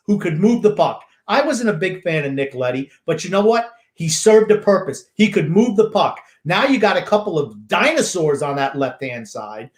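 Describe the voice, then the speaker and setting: A man's voice: high-pitched, big pitch swings, moderate pace. A man co-hosting a sports podcast, talking bluntly and grumpily in casual chat. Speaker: podcast co-host. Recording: echoey room.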